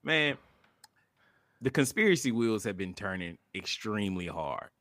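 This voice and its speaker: A man co-hosting a podcast, talking loosely and casually with plenty of swearing. His voice sits on the low side. The recording is dry and close, with no room sound. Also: unhurried, no room sound. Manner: relaxed and conversational, with frequent profanity. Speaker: podcast co-host. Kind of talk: casual chat.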